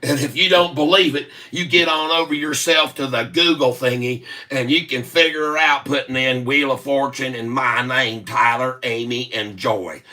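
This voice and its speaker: A man in his sixties from the South with a Southern accent, hosting a rambling livestream, loud and laughing, with rhymes thrown in. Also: medium pitch, moderate pace, hardly any pauses. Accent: Southern American. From Southern United States. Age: 60s. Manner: boisterous, rhyming, laughing often. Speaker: livestream host. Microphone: webcam mic.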